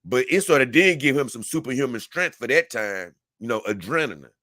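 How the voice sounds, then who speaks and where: Speaking fairly fast with lively intonation, this Memphis, Tennessee vlogger has a medium-pitched voice that sounds pushed and bright. He earnestly tells a story to camera in a casual, rambling way, restarting often. It's a dry, studio-quality recording.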